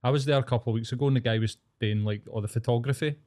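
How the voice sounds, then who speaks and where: A man's voice: mid-range voice, fairly even intonation, rapid-fire, darkish tone. A man in his forties with a Glaswegian Scottish accent, telling rambling stories in casual chat and swearing freely. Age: 40s.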